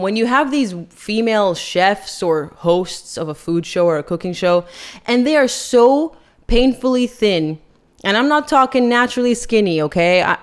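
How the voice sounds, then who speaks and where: A woman hosting a podcast, giving chatty, sarcastic and critical commentary. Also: medium pitch. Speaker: podcast host. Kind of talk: casual opinion commentary.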